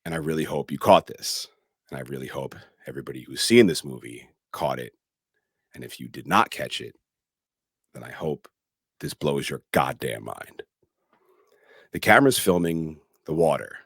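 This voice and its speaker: Very deep-voiced man recapping a film. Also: vocal fry, slightly rough, no room sound, studio quality. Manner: animated storytelling with sound words. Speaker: podcast co-host. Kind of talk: casual movie recap.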